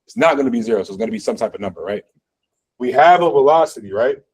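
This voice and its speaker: A man's voice: mid-range voice, animated, fast, a little mellow, husky, rough recording. A man teaching a college physics class, talking casually with lots of fillers and quizzing students as he goes. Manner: conversational, lots of fillers, asks the class questions. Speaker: physics instructor. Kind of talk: classroom lecture. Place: classroom, also streamed online.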